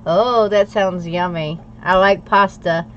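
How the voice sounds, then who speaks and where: A woman's voice: on the low side, steady tone, slow pace, fairly bright tone, muffled recording, slight background noise. An American woman hosting a livestream, chatting casually with viewers and laughing often as she works. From United States. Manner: chatty, laughs often, talks while working. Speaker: planner livestream host. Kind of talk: casual chat with live viewers.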